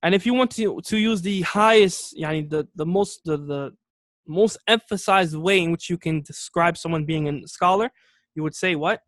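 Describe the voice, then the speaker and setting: A man teaching an Arabic lesson, explaining words step by step, repeating key terms slowly and often checking in with "okay?". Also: high voice, a bit bright, no room sound, clean studio sound. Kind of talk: classroom lesson.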